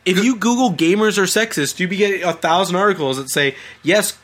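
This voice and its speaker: A young man hosting a casual comedic chat, animated and profane, slipping into mocking voices as he talks. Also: sits high, brisk. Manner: animated, swears freely, mimics people in voices.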